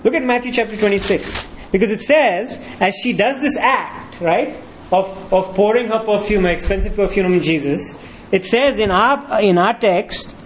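High-voiced man preaching a sermon. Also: normal speed, slight background noise, low-quality recording. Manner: questioning, engaging congregation with rhetorical questions. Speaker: pastor.

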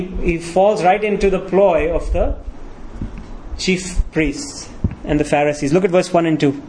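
A man's voice: sits high, slight background noise, rough recording. A pastor preaching a sermon, walking his congregation through scripture with frequent rhetorical questions.

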